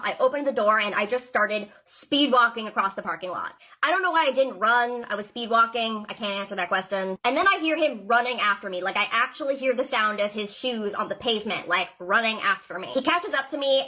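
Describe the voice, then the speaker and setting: A young woman recounts a personal story in a casual, emotional storytime way, leaning on "like" as she goes. Her voice sits a little high and comes across vivid and bright. It sounds like a clip from a social media post. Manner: emotional retelling, heavy use of "like".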